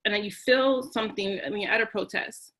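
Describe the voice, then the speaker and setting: A woman's voice: mid-range voice, fairly quick, bright, forceful tone. Earnest, emotional woman on a panel. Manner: emotional and earnest, repeating phrases. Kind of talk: online panel discussion.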